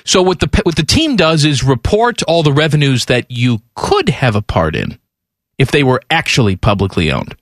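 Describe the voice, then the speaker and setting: Brief: male radio host, wry teasing delivery, expressive pitch, dry studio sound. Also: normal speed, no room sound. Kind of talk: casual radio banter and live ad reads.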